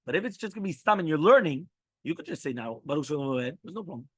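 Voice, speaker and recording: Fast-talking rabbi reading and explaining a text. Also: male voice, on the high side, expressive, a bit bright, husky, no room sound. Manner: reads quoted passages, then breaks in with quick asides and "right?". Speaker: rabbi teaching halacha.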